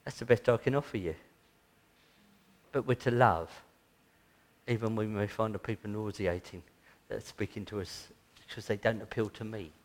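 A man's voice: fairly low pitch, normal speed. A man preaching an earnest, conversational sermon that moves into prayer. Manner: earnest, conversational, breaks into mocking asides.

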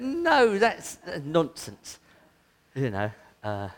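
Man preaching, earnest and conversational, mid-pitched voice, then leading prayer. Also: measured pace. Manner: earnest, conversational, breaks into mocking asides. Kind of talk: sermon closing in prayer.

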